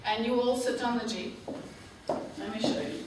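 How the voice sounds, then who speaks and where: This guest lecturer is a woman who directs a tour operator, addressing students in a university classroom. Her fairly high, steady voice moves slowly and clearly, with frequent "okay?" checks. Echo from the room, a far-off mic, and faint noise color the audio.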